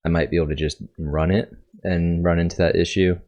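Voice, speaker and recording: A man's voice: low-pitched, flat delivery, brisk, darkish tone. A man hosting a casual coding tutorial, thinking aloud and correcting himself as he goes, sounding congested. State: congested, coughing.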